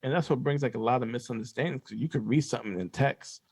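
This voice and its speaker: A man's voice: mid-range voice, a little mellow, breathy edge, dry recording. A young man with a slight lisp, co-hosting a podcast in a loose, rambling chat full of fillers. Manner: laid-back, rambling, drawn-out fillers. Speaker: podcast co-host. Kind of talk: casual chat.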